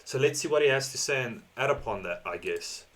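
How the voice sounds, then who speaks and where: A man's voice: medium pitch, expressive, brisk, a bit bright. A man from South Africa with a South African accent, hosting a reaction video in rambling casual commentary and laughing often between thoughts.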